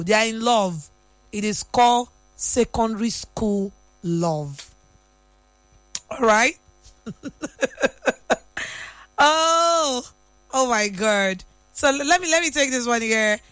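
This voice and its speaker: A young Nigerian woman with a fairly high voice chats and teases in a casual host style. She mixes in Pidgin slang and laughs often. The sound is dry and close to the mic. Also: expressive, measured pace, long pauses, a bit bright, no room sound. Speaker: radio host. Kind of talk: casual chat.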